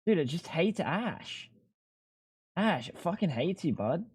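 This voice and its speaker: A man's voice: a little high, very animated, slow pace, a little mellow, slightly rough, dry recording, studio quality. A young man streaming live, chatting casually and rambling, swearing freely as he thanks viewers. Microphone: headset.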